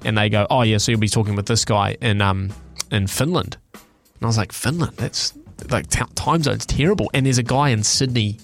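A man co-hosting a radio show talks at a normal speed in a lowish voice with vocal fry, soft music playing in the background. He chats and jokes about light news, rambling along with many fillers.

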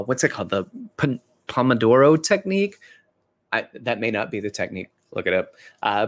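A man with a medium-pitched voice, a fitness educator and personal trainer, gives a conversational instructional lecture. He sounds earnest and encouraging, now and then correcting himself.

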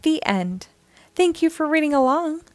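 A woman hosting a children's storytime, reading a picture book aloud in a slow, expressive and melodic way. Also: high-pitched, dry recording. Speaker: storytime host.

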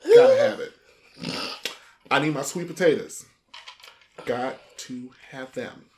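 Loud, profane podcast co-host. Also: wildly swooping pitch, slow. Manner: loud, profane, emphatic with big pitch swings. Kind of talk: casual chat.

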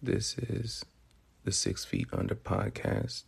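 A young man talks through his solo podcast in a very gravelly, husky voice that sits a little low. His delivery is casual and profane, and he often trips over repeated words as he speaks. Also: fairly even intonation, slow. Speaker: podcast host.

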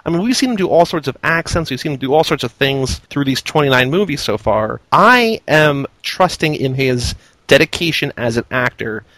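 A man's voice: medium pitch, animated, moderate pace, fairly bright tone, no room sound, rough recording. A man co-hosting a casual film podcast, recapping the plot and often checking in with "right?". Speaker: podcast co-host. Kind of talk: casual chat about a movie.

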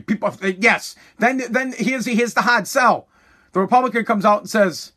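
A man's voice: sits high, moderate pace, bright, forceful tone. A man in a casual political rant, blunt, profane and heated.

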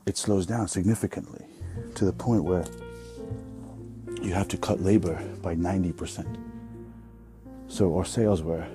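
A deep-voiced man rambles through a casual podcast monologue, drifting between thoughts and stopping to correct his own phrasing. He curses freely and sounds offhand. Music plays clearly underneath him. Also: steady tone, moderate pace, pauses often. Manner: meandering, swears, corrects himself mid-sentence. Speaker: podcast host; restaurant worker.

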